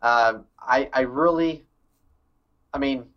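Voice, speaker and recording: A man's voice: medium pitch, slow, lo-fi sound. A man co-hosting a casual movie podcast, thinking aloud with hesitant restarts. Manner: thoughtful, hesitant, many restarts. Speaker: podcast co-host. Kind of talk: casual movie news chat.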